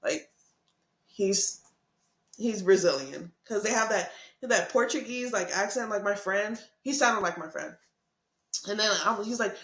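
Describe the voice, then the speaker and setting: A woman's voice: medium pitch, a little slow. Laughing young woman in an echoey room. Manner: animated, laughing, swearing, acts out quotes. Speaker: podcast co-host. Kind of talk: casual storytelling chat.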